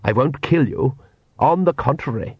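A man voicing a suave, menacing vampire count who mocks his foes in a smooth, drawn-out way, in an audiobook. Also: mid-range voice, expressive, dry recording. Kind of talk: audiobook character voice. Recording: dull, dry lo-fi recording.

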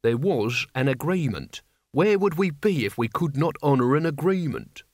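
A man's voice: fairly high pitch, sing-song, moderate pace, a little mellow, dry recording, clean studio sound. A man voicing a grumpy, scornful old male servant in an audiobook. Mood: defensive. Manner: gruff and scornful. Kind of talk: audiobook character voice.

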